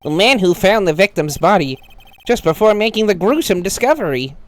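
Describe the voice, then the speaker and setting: A woman's voice: mid-range voice, sing-song, fairly quick, lightly acted. A woman voicing a smug, pompous male prosecutor who accuses and presses.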